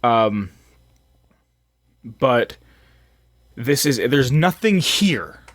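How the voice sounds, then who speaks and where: A man's voice: mid-range voice, big pitch swings, drawn-out words, no echo. A man with a mid-range voice hosts a casual podcast, reading game facts aloud in a loose, swearing, chatty way. The sound is close and dry, with no room around it. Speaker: podcast host.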